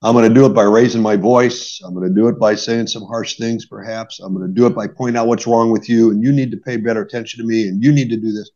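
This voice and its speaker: On a podcast, a middle-aged marriage therapist explains conflict earnestly in a low, dark voice with fairly even intonation, using examples and frequently checking in with "right?" It's conversational advice captured in dull, lo-fi sound.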